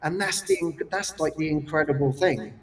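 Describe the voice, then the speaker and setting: A man telling a personal story in casual chat, animated and laughing often as he acts out quotes. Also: fairly high pitch, normal speed. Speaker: guest. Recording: distant from the mic.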